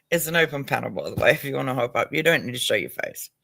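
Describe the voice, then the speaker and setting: An Australian man chats loosely on his livestream, swearing freely and laughing between stories. His voice has a gravelly rasp, sits at an ordinary pitch, and sounds dry and close to the mic. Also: sing-song, brisk, pushed and bright, dry recording. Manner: crude, swearing, laughing often. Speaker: livestream host. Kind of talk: casual livestream chat.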